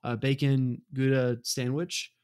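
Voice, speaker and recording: A man's voice: medium pitch, flat delivery, measured pace, darkish tone, smooth. A man co-hosting a podcast, casually and sheepishly telling stories about his own travel mistakes. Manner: sheepish, self-deprecating storytelling. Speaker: podcast co-host. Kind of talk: casual chat.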